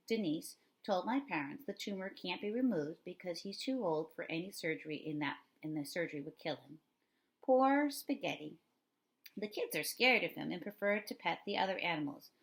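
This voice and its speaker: Woman reading a novel aloud, lowish voice. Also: expressive, brisk, rough recording. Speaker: reader.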